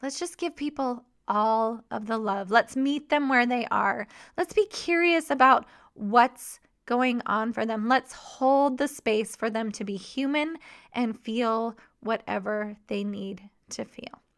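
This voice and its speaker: A woman hosting a podcast, talking in a warm, encouraging coaching tone. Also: fairly high pitch, takes it slowly. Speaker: podcast host and mission coach. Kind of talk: podcast monologue.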